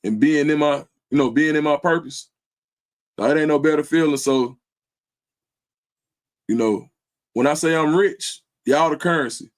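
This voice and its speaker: Hosting his own livestream, a man pauses often while speaking at a normal speed in a voice that sits a little high. His casual, heartfelt talk comes across as earnest and loose, with lots of slang fillers.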